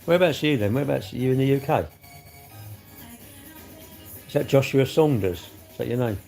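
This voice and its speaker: A man chats loosely through a live stream, his voice sitting at an ordinary middle pitch. He banters and answers viewers' comments aloud, with soft music playing in the background. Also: fairly quick, vocal fry. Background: faint music.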